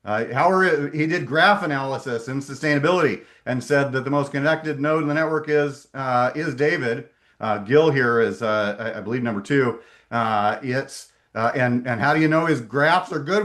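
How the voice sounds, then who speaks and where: A man's voice: mid-range voice, normal speed, a bit bright. A middle-aged man presenting a webinar in a casual way over a video call, enthusiastic and often hesitating and restarting his sentences.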